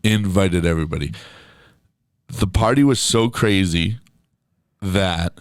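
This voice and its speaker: A man co-hosting a podcast, telling a story in a relaxed, casual way. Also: low-pitched, measured pace, dry recording, studio quality. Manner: laid-back storyteller, drops into quoted voices. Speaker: podcast co-host.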